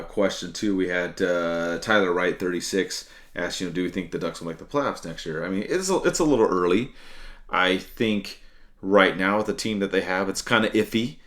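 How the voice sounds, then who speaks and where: A man's voice: deep voice, a bit bright. A man co-hosting a sports podcast, thinking aloud with many fillers and restarts and some dry sarcasm. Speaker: podcast co-host. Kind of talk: casual sports talk.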